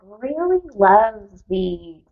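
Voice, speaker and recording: A woman co-hosting a podcast in casual chat, chiming in with quick, wry comments. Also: medium pitch, very animated, phone-quality sound. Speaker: podcast co-host.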